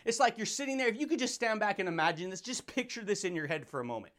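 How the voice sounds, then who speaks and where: A man's voice: high-pitched, animated, quick pace, hardly any pauses, fairly bright tone. A man hosting a motivational podcast, hyped and slangy, laughing often and calling listeners baby and dude. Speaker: podcast host.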